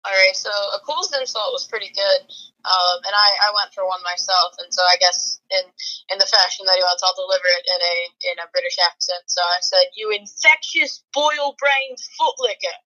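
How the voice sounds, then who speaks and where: A man's voice: high voice, level tone, brisk, sharp tone, lo-fi sound. A young man as a guest explaining his thinking casually, thoughtful and hesitant with fillers.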